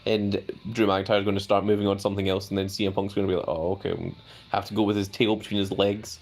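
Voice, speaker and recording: A man hosting a live stream. He chats casually, fills his talk with hedges, and his pitch jumps up whenever he reads out viewer comments. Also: completely flat delivery, fast talker, a little mellow. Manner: hedging with many fillers.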